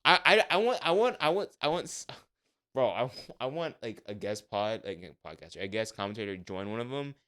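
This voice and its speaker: Man, podcast co-host, playful banter, animated pitch, smooth clear voice. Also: a little fast. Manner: joking, stammers when excited. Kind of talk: casual chat.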